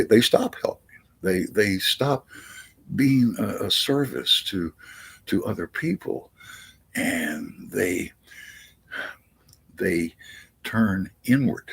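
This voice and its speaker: A deep, gravelly man with a very husky, rough-edged voice hosts a live astrology chat. He talks slowly and haltingly, repeating words and restarting phrases as he reads out viewers' messages. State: out of breath. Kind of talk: casual live-stream chat.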